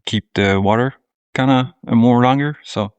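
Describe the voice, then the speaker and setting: A man whose first language is French speaks English with a Quebec French accent, hesitant and searching for words. He is a farmer cohosting a gardening podcast. His pitch is mid and the sound is dry. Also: a little slow, clear, resonant tone, dry recording, dull audio. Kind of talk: casual chat.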